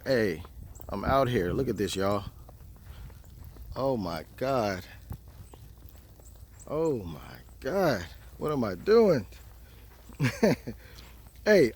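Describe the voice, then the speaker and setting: With a mid-range voice and slight background noise, a man fishing by a river in a snowstorm chats to his viewers. The fishing vlogger's talk is casual outdoor banter, often at his own expense.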